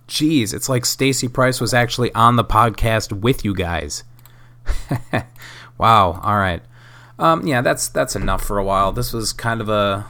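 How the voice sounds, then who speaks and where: A man's voice: lowish voice, pushed and bright. A man hosting a casual solo podcast, talking loosely with fillers, swearing and self-mocking asides. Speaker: podcast host. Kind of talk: casual solo podcast narration of a wrestling sim game.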